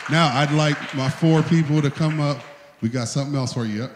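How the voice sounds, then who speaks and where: A man's voice: fairly high pitch, a little fast, background noise. Man giving a heartfelt tribute in a hall. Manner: heartfelt, plain-spoken. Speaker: event host. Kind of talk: emotional tribute speech. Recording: echoey hall.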